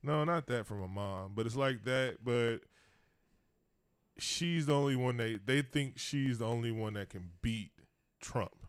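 A man's voice: medium pitch, a little slow, clean tone, no room sound, clean studio sound. A man co-hosting a casual chat show, talking loosely with lots of slang and frequent laughter. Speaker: podcast co-host.

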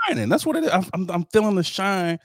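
A man co-hosting a podcast in casual chat, joking and telling animated stories. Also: high voice, fast, no echo, studio quality. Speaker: podcast co-host.

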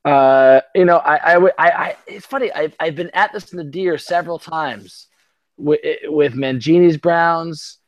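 A man's voice: fairly high pitch, unhurried, muffled recording. A tipsy man co-hosting a sports chat, rambling, profane, full of stammered restarts. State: tipsy from drinking. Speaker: podcast co-host.

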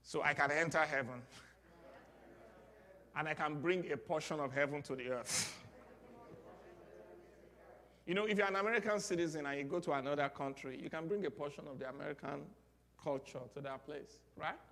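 A man with a Nigerian accent preaching a sermon, leading call-and-response and building to loud exclamations. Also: on the high side, moderate pace, long pauses. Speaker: pastor. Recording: long hall reverb.

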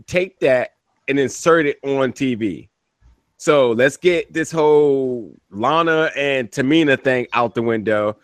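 A man's voice: medium pitch, a bit bright, no room sound. A man co-hosting a casual wrestling podcast, hesitant with many fillers, then heated rants. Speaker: podcast co-host.

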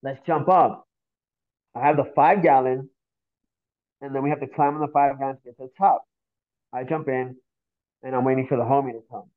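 Animated swearing man telling a story. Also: medium pitch, brisk, pauses often, narrow, tinny audio. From Miami, Florida. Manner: animated, swears a lot, acts out voices in stories. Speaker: guest. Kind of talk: casual storytelling.

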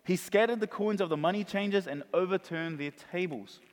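A male pastor preaching a sermon, animated, acting out the voices of Bible figures. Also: sits high, a little fast. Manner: animated, acts out voices of crowd and Jesus. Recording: long reverb of a large hall.

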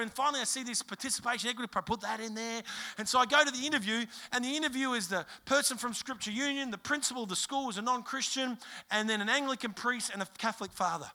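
A middle-aged Australian man preaching a sermon, telling a personal story in an animated, emphatic way. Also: high voice. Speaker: pastor.

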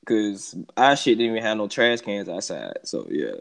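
A man's voice: fairly low pitch, huge pitch swings, normal speed, gravelly. Podcast cohost guy cracking jokes, lots of slang, voice goes up and down a ton. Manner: joking, slangy, laughs a lot. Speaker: podcast co-host. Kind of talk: casual banter.

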